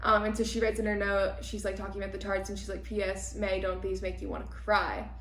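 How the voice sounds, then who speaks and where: A woman co-hosting a casual book podcast, retelling the plot in long, animated run-on recaps. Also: mid-range voice, brisk, echoey room, a little hiss or hum. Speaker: podcast co-host. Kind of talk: casual book club chat.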